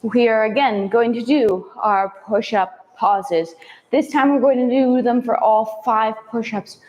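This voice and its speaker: Upbeat woman counting down push-ups, slightly high voice, unhurried. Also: darkish tone, poor audio. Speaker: fitness instructor. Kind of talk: follow-along workout cueing.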